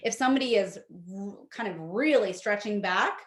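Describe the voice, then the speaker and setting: A woman teaching an etiquette workshop, giving lively, practical advice with quick fillers, speaking into a video call mic. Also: mid-range voice. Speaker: etiquette instructor. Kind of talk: workshop presentation.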